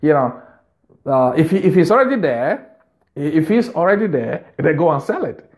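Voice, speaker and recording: A man's voice: on the high side, big pitch swings, normal speed, darkish tone. A man hosting a video, giving business advice in an unscripted monologue, earnest and repeating phrases for emphasis.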